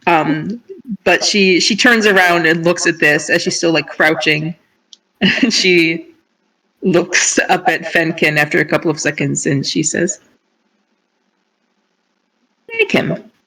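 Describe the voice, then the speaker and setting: A player in a tabletop game, describing a character's actions slowly with many fillers. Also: mid-range voice, steady tone, bright, forceful tone, low-quality recording. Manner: slow, halting, many fillers. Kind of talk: tabletop role-play chat.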